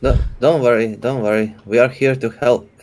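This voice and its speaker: A man's voice: mid-range voice, steady tone, normal speed, darkish tone, lightly acted. A man playing a boastful dwarf sailor captain in a tabletop game. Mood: brash. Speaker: player.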